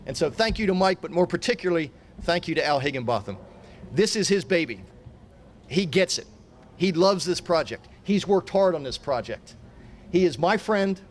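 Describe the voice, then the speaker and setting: High-voiced man giving an emphatic speech. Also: lively intonation, normal speed, slight background noise. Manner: emphatic, repetitive rhetoric. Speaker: mayor. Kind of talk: formal public speech.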